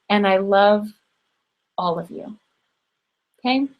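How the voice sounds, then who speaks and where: A woman's voice: fairly high pitch, lively intonation, a little slow, long pauses, low-quality recording. A middle-aged woman hosting an online women's circle, wrapping up with encouraging, affectionate remarks and frequent ums, speaking into a computer mic. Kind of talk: warm closing remarks to a live online group.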